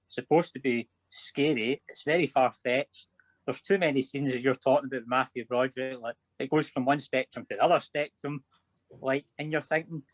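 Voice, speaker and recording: A man with a slightly high voice talks through a casual film chat. He rambles loosely and circles back on his points, and his voice sounds dry and close with no room around it. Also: no echo, rough recording. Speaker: podcast co-host.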